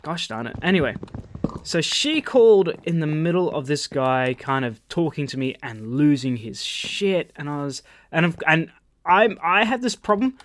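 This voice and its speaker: A man with an Australian accent telling rambling, animated stories while commentating his gameplay, swearing freely. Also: a little high, normal speed, slight background noise. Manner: rambling, animated anecdotes with profanity. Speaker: gaming channel host. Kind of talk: storytelling over gameplay commentary.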